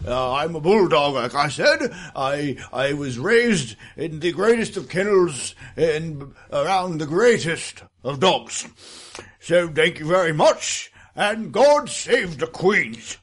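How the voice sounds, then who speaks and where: A man's voice: fairly high pitch, very animated, slow pace. A man introducing himself as a tabletop player, breezy and mock-formal. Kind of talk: casual chat.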